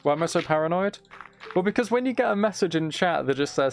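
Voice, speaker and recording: A man's voice: on the high side, expressive, quick pace, gravelly, slight background noise. A man chatting casually with his live-stream audience while he plays a game, rambling, joking and teasing viewers.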